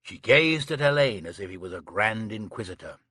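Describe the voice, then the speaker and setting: A man narrating a classic detective novel with expressive storytelling. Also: on the low side, moderate pace, slightly rough, no room sound, studio quality. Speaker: audiobook narrator. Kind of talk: scripted narration.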